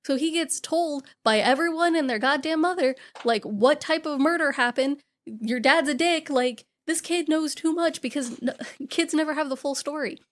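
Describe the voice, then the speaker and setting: Profane, animated woman recapping a film. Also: high-pitched, normal speed. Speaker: podcast co-host. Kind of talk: casual movie recap chat.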